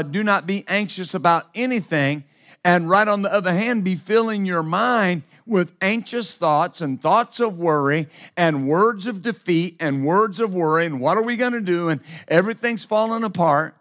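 A man with a notably high voice preaches a sermon as pastor. He drives points home with repetition and asks his listeners to respond. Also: fairly bright tone. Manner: repetitive, emphatic preaching with call-and-response asides.

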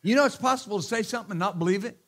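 A man preaches in a notably high voice, punching his points with hallelujahs and amens. He is a middle-aged pastor who slips into teasing asides before returning to the sermon. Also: rapid-fire, fairly bright tone. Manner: emphatic, repeats hallelujah and amen, joking asides.

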